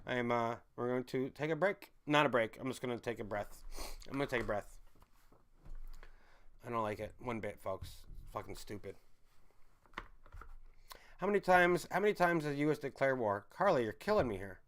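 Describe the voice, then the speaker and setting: A man in his thirties from the United States, hosting a casual livestream, ranting angrily and swearing, swinging from loud outbursts to low muttering. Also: expressive, moderate pace, long pauses. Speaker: livestream host.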